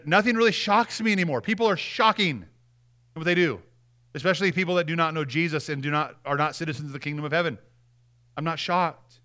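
A young man preaching a sermon in a conversational way, dropping into soft, quiet voices when acting out apologies. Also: on the high side. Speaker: pastor.

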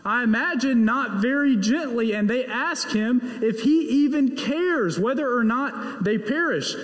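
Male pastor, sermon storytelling, higher voice, unhurried, phrases trailing off softly; church sanctuary with a roomy echo. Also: lively intonation. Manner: slow storytelling delivery that drops soft at phrase ends. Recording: echoey hall with long reverb.

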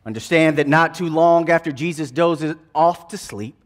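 A man preaching a sermon, retelling a gospel scene in dramatic, folksy storytelling that swings between hushed and loud passages. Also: a little high, moderate pace. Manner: casual, folksy turns of phrase.

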